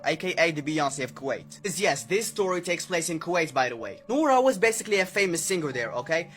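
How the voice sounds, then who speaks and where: A man's voice: high-pitched, a bit bright. A young man telling a creepy story in a casual storytime style, chatty and constantly checking in with "okay?". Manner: chatty, keeps adding "okay?" and "right?".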